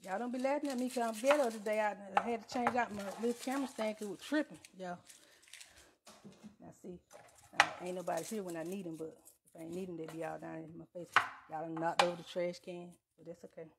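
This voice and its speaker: A woman's voice: on the low side, fast talker. A woman chatting to viewers while cooking in her home kitchen, on a lapel mic. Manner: chatty, addresses viewers as y'all, Southern US Black vernacular. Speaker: home cook livestreaming. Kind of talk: casual cooking livestream. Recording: loud background noise, kitchen clatter.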